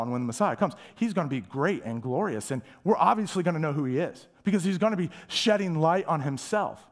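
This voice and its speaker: Guy preaching a sermon, kinda high voice, swings from loud to hushed. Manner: dramatic shifts from loud to hushed, whispering asides; emphatic preaching with rhetorical questions. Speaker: pastor.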